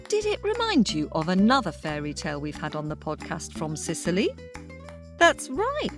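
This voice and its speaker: A woman hosting a children's podcast, chatty and animated. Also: fairly low pitch. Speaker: podcast host. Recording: music bed behind voice.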